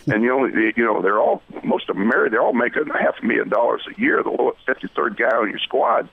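A man's voice: medium pitch, big pitch swings, quick pace, creaky, no echo. An older man, a retired football coach, telling blunt, folksy stories in a rambling radio interview over the phone. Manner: folksy, blunt, swears casually, rambling restarts. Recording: tinny phone line.

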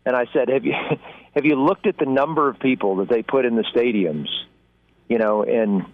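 A male football analyst calling in over a tinny, narrow phone line, speaking at a middle pitch. He works through his points with hesitant restarts and fillers. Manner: thoughtful, halting, many restarts. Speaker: national college football analyst, guest. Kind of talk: phone-in interview.

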